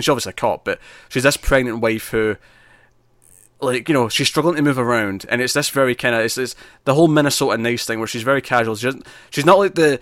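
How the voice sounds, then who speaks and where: A man's voice: mid-range voice, fairly bright tone, no room sound, studio quality. A man co-hosting a podcast in casual chat about films, rambling with many restarts and fillers and acting out quotes. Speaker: podcast co-host. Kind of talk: casual film-list chat.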